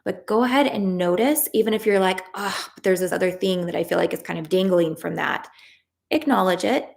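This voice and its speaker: A woman leading a live EFT tapping session, talking through calm affirmations in a soothing, encouraging way and reading out viewers' comments. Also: on the low side, a little fast, gravelly. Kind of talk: guided tapping script, then reading live chat. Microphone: livestream camera mic.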